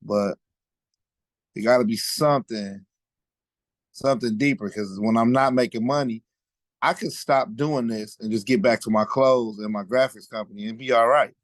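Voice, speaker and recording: A man who runs his own business, talking casually in a group discussion with a relaxed, informal manner. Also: medium pitch, normal speed, no echo. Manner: relaxed, informal, frequent fillers. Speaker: business owner participant.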